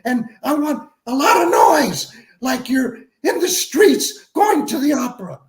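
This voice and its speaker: A commanding film director calls orders to his extras, put on by an older man telling the story. The voice stays high and close to the teller's own, with a bossy push. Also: big pitch swings, unhurried, reverberant, heavily acted. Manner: barking orders.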